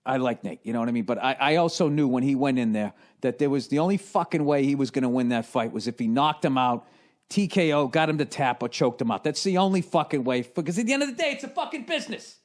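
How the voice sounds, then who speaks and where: A man's voice: medium pitch, fast. A man in his forties with a Boston accent, telling a rambling, profane comic story on his podcast and mimicking the people in it. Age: 40s. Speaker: comedian and podcast host.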